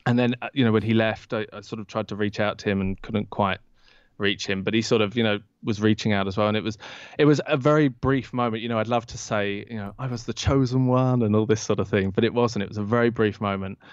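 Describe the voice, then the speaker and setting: A man, a podcast guest and author, telling an anecdote in an interview and acting out the quoted lines with lively jumps in his voice. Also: fairly low pitch, fast talker, clear, resonant tone, no echo. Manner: lively storyteller who acts out quoted lines. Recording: dull lo-fi dry sound.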